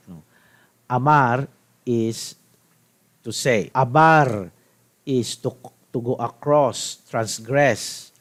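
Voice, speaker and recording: A middle-aged man with a Filipino accent teaching a biblical Hebrew lesson, explaining slowly with frequent restarts. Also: medium pitch. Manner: slow, halting explanations with many restarts. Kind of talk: recorded classroom lecture.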